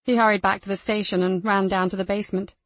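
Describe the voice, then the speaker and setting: A woman reading a crime novel aloud as the narrator, in a measured storytelling manner. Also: medium pitch, level tone, fairly bright tone, no room sound. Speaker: audiobook narrator. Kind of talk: scripted narration.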